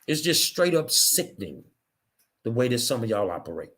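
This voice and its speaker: A man's voice: medium pitch, very animated, normal speed, fairly bright tone, slight background noise. A middle-aged man hosting his own show, delivering an angry, emphatic monologue with hard repetition. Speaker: show host. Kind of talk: impassioned monologue.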